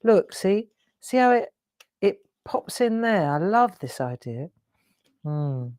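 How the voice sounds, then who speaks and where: A woman's voice: mid-range voice, sing-song, slow pace, a little mellow, no room sound. A woman in her sixties hosting a craft show, chatty and effusive, gushing over viewers' artwork with storytelling asides. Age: 60s.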